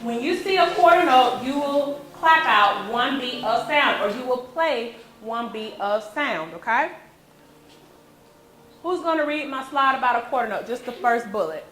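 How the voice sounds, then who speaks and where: A woman with a high, bright voice leads a music class in a school classroom. She encourages the pupils and keeps asking "okay?" to check that they follow. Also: expressive, a little slow, poor audio. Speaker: music teacher. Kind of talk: classroom teaching.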